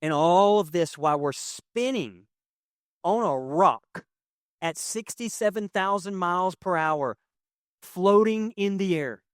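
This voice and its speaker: A young man preaching a sermon as pastor, conversational and emotional, swinging from loud to hushed. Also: high-pitched, expressive, takes it slowly, dry recording, studio quality. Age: young adult. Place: church sanctuary with audience.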